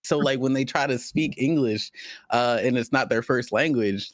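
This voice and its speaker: A man, co-hosting a casual podcast chat, animated and laughing often. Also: mid-range voice, normal speed, no echo, clean studio sound. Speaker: podcast co-host.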